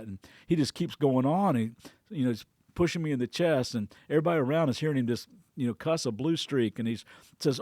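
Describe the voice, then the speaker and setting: A man's voice: medium pitch, lively intonation, fairly quick, a little mellow, dry recording, clean studio sound. A middle-aged man, a pastor hosting a devotional podcast, tells a personal story in a chatty way, with frequent restarts and quotes he acts out.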